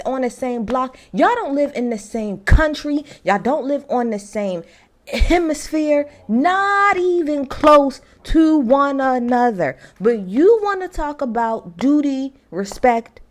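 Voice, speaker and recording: A woman recapping a TV episode in a heated, emphatic rant, full of slang and repetition. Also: high voice. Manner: animated, emphatic, slangy storytelling. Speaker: TV show reviewer.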